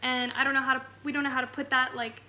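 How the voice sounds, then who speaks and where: A woman's voice: high-pitched, flat delivery, quick pace, sharp tone, slight background noise. A woman hosting a casual travel live stream from home on a phone, bubbly and giggly. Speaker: travel vlog host.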